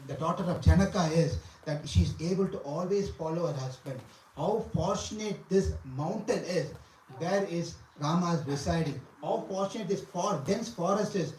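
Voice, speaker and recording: A man leads a devotional scripture class, chanting verses and explaining each one. His voice sits a little high and he often repeats lines and questions his listeners. He is recorded from a distance in an echoing hall with a faint background hiss. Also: warm tone. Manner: chants Sanskrit verses, then explains with repetition and questions to the audience. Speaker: scripture teacher. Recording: echoey room, from far off.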